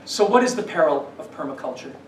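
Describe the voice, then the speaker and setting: Slightly high-voiced man lecturing in an echoey room. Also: sing-song, slight background noise. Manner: emphatic, shifts between slow stresses and quick asides. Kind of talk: scripted lecture. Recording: roomy echo, distant mic, faint ambience.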